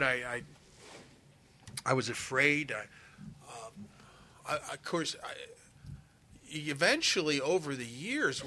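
A man's voice: medium pitch, pushed and bright. A man speaking at a recovery meeting, telling a personal story in an earnest, conversational way and acting out the dialogue. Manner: storytelling, acts out quoted dialogue.

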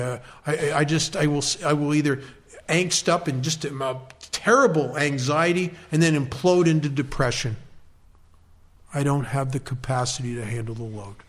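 American man, fairly high voice, wry and self-mocking; telling his recovery story to a meeting. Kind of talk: personal recovery talk.

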